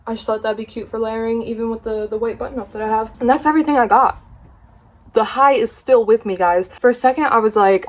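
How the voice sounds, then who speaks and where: A young woman from the United States, chatting excitedly in a casual haul vlog, gushing and swearing casually. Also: on the high side, brisk, a little hiss or hum. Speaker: vlogger.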